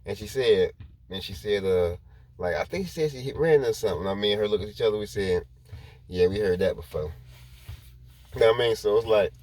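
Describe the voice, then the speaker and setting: A man's voice: fairly low pitch, a little fast, long pauses, a little mellow. A man rambling through a personal story to his viewers in casual talk, repeating himself as he goes. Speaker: vlogger.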